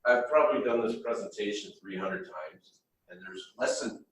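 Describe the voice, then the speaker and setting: Low-pitched male presenter, folksy, joking, heard from far off in an echoing hall. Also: normal speed, a bit bright. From Wisconsin-Minnesota border. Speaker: safety presenter. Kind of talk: workshop presentation. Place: large room with an audience.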